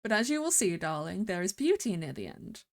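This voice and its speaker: A woman's voice: medium pitch, big pitch swings, brisk, darkish tone. A woman reading aloud the lines of a flirtatious female fae wife in a video game, in a plain, lightly teasing voice that barely changes from her own. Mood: gentle. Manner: teasing, affectionate, calls the listener darling.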